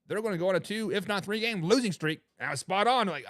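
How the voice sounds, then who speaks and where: A man with a high-pitched, creaky, sharp-toned voice hosts a sports talk show, ranting at fans with mockery and trash talk while reading live chat comments. When fired up, he repeats words. Recorded dry, at studio quality.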